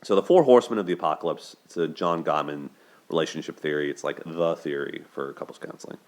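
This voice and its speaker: Hosting a solo video, a young man talks through a film's relationships in an earnest, conversational way, repeating words when he restarts a thought. His voice rumbles low and he talks fast.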